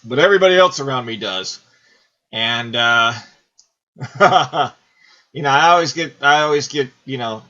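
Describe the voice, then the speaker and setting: A man's voice: medium pitch, normal speed, pauses often, bright, forceful tone, muffled recording. A man in his forties hosting a casual game video, rambling and self-deprecating as he talks through questions. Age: 40s. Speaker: host. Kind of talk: casual commentary while playing a game.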